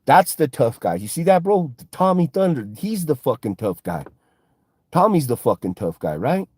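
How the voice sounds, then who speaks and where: A man's voice: fairly high pitch, sing-song, normal speed, a little mellow, breathy edge, no echo, clean studio sound. Slangy, heated man on a livestream. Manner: slangy, profane, keeps tacking on "bro" and "homie"; heated, repeats himself for emphasis. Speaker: livestreamer and fighter. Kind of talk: casual livestream rant.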